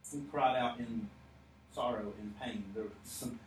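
A man's voice: medium pitch, unhurried, far from the mic. A man preaching a sermon, who tells the story and builds to emphatic points with laughing asides. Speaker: pastor. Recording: echoey hall, off-mic, faint noise.

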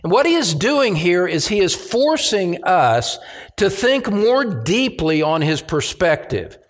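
A pastor preaching a sermon, slow and emphatic, repeating key phrases for stress. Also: male voice, high-pitched, big pitch swings.

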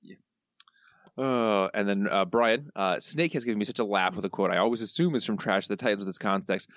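Lowish guy on a podcast reading fan answers, dry muffled sound. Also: fairly quick, fairly bright tone, no echo. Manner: reads listener quotes with bursts of put-on character voice. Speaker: podcast co-host. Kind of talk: casual podcast chat, reading listener answers.

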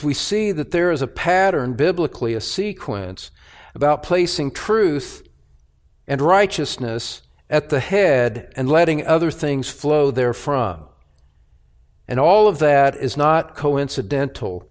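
Slow, emphatic male preacher. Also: fairly high pitch, animated. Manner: emphatic preaching with measured repetition. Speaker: pastor. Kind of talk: sermon.

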